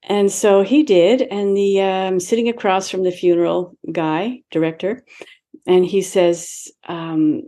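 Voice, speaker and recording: Mellow-voiced woman in her seventies. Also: medium pitch, fairly even intonation, a little slow. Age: 70s. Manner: reflective, acts out her own past dialogue, laughs lightly between remarks. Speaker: interview guest. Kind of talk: personal storytelling in a casual interview.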